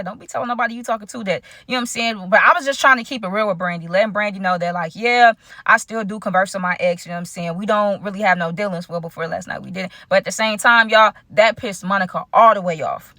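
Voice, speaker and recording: A woman vlogger telling a personal story to her viewers in a lively, slangy way, addressing them directly. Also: mid-range voice, fairly quick, no echo, clean studio sound. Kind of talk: storytime vlog.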